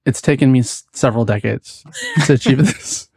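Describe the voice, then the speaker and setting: A man's voice: mid-range voice, normal speed, gravelly, slightly rough, no echo. Laid back young guy from the west coast, laughs a lot, rambly, dry close mic. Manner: relaxed, rambling, laughs often. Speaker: podcast guest. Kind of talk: casual chat.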